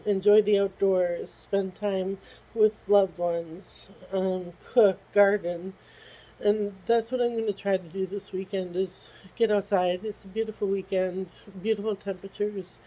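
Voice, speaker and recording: A tearful middle-aged woman talking haltingly through a personal video diary, with many pauses and restarts. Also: medium pitch, mellow, highs cut off. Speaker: vlogger.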